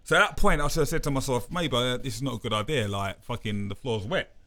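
A young man, casually telling a sweary, animated story on a podcast. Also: mid-range voice, fast, a little hiss or hum.

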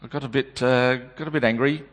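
A man's voice: mid-range voice, fairly even intonation, fast, fairly bright tone, lightly acted. A man performing a dramatic monologue as a remorseful male disciple, stammering and repeating his words. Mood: agitated. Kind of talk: dramatic first-person monologue. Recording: long hall reverb.

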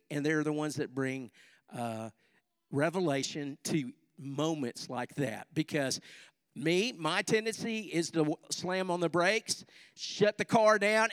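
A middle-aged pastor preaching in a church hall, with a fairly high voice. He talks in a loose, conversational way and urges the congregation to respond. The close, dry voice trails into a long hall reverb. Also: a bit bright. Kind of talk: sermon.

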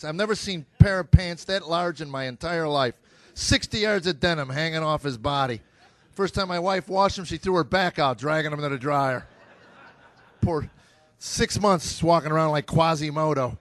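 A middle-aged American man doing stand-up, telling stories about his sons with a deadpan, exasperated delivery to a live audience. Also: on the high side, moderate pace, no echo. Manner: deadpan storytelling with exasperated asides. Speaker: stand-up comedian. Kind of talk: stand-up comedy routine. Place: stage before a live audience.

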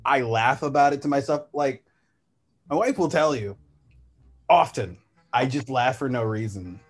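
Husky man making wry remarks. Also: medium pitch, a little slow. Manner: wry, teasing interjections. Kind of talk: casual chat.

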